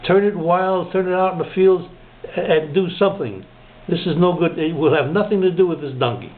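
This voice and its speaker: A man's voice: high voice, a little fast, close to an everyday voice. A man voicing a stern, exasperated male bishop who keeps scolding and repeating his orders, over a narrow phone-like recording. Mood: furious.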